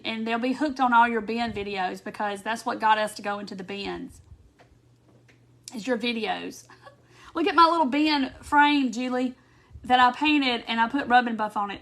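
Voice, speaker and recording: A woman's voice: on the high side, moderate pace, a bit bright. A woman hosting a casual craft live stream, chatting to viewers by name and giggling often as she talks. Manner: giggly, laughs often while talking. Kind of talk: casual live chat reading viewer comments. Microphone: phone or webcam on a live stream.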